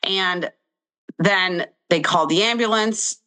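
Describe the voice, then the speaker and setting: Animated low-voiced woman telling a story. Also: normal speed. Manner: animated, acts out quotes dramatically. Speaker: podcast guest. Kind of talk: casual storytelling chat.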